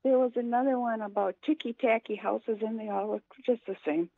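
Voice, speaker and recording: A woman's voice: a little high, fairly even intonation, brisk, vocal fry, dry recording. A woman calling a talk radio show, chatty and rambling. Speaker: caller. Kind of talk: call-in radio chat. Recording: tinny phone line.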